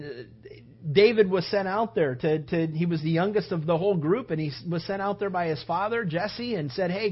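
Animated conversational male preacher. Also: sits high, slightly rough, dull audio. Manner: conversational, animated, acts out scenes. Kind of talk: sermon storytelling.

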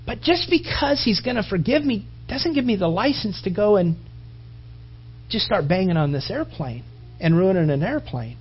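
A high-voiced man preaches a sermon with a husky edge. He tells his story in a lively way, acting out voices and sound effects. The recording is dull and lo-fi. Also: moderate pace. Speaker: pastor.

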